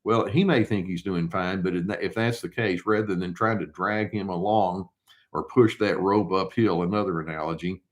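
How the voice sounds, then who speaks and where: An older male therapist giving casual advice, calm and unhurried, who poses rhetorical questions and answers them himself. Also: sits low. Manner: acts out short quoted replies in a mock tone.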